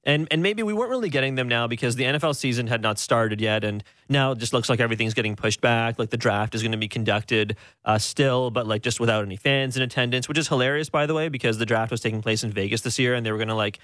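A man co-hosting a sports radio show, telling stories in an animated way and laughing often. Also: medium pitch, quick pace, few pauses, dry recording, clean studio sound. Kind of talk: casual sports talk.

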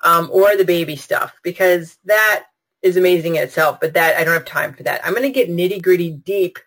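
A woman's voice: lowish voice, fairly bright tone, poor audio. A woman hosting a live online product webinar, talking in a bubbly, gushing, chatty way and answering her viewers' comments. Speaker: webinar host.

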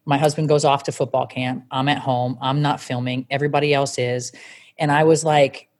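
A woman's voice: a bass voice, steady tone, moderate pace, a little mellow. A woman in her forties, an interview guest, telling her story candidly and bluntly, swearing freely.

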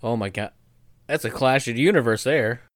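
A man co-hosting a casual chat, animated and laughing often. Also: mid-range voice, fairly quick, no room sound, studio quality.

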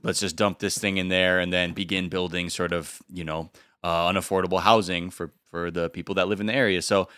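A man's voice: sits low, little pitch movement, fairly quick, sharp tone, clear, resonant tone, no echo, studio quality. A man co-hosting a podcast, chatting casually, rambling with lots of "like" and swearing freely. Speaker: podcast co-host. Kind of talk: casual chat.

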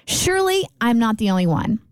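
A woman co-hosts a morning radio show and reads a listener's letter aloud with a lively, swinging pitch. Her voice sounds dry and close to the mic. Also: brisk, clear, resonant tone, dry recording. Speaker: radio co-host.

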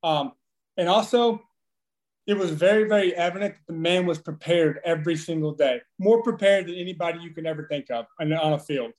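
A man in his thirties swaps profane baseball stories in a loose, animated way, often breaking into laughter. His voice sits fairly high for a man. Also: a little fast. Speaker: former baseball player, podcast guest. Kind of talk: casual storytelling chat.

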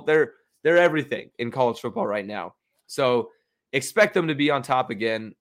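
A young man hosting a sports betting podcast, talking through his picks in a chatty, confident, self-mocking way. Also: mid-range voice. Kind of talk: casual solo commentary.

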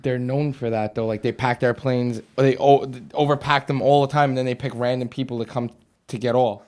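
A man's voice: medium pitch, fairly even intonation, a little fast, a little mellow. A man guesting on a podcast, rambling and joking in casual chat.

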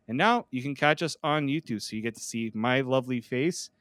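A man's voice: mid-range voice, brisk, fairly bright tone, no echo. Chatty male sports podcast host. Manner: chatty, jokey, self-deprecating. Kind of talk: casual sports podcast chat.

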